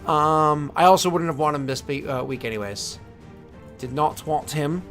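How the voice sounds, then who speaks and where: A man's voice: on the high side, moderate pace, fairly bright tone, faint music behind. A man streaming casually, rambling and joking to his chat, muttering asides and swearing now and then.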